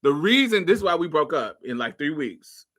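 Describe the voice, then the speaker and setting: A woman's voice: sits low, big pitch swings, normal speed, fairly bright tone. A woman hosting a casual talk show, telling a story to her listeners in a blunt, profane way and laughing often. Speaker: host.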